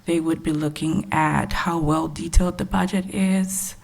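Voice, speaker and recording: A young woman from the city's grants office walking through evaluation criteria at a workshop, soft-spoken and measured with many fillers, a little short of breath. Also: low voice, fairly even intonation, vocal fry. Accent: Texan. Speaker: grants evaluation staff presenter. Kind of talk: presenting at a public workshop.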